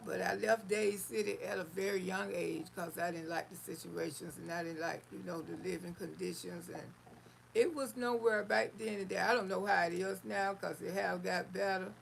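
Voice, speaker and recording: A woman's voice: fairly low pitch, steady tone, moderate pace, vocal fry, a little hiss or hum, low-quality recording. A woman from Florida hosts a casual livestream, reading viewer comments in a folksy, affectionate way and calling listeners honey, sugar and baby. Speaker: livestream host.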